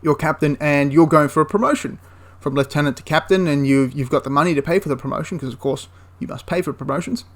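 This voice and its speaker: A man's voice: a little high, quick pace, hardly any pauses. A man giving a casual, enthusiastic spoken review of a tabletop wargame, rambling into asides and restarting his sentences.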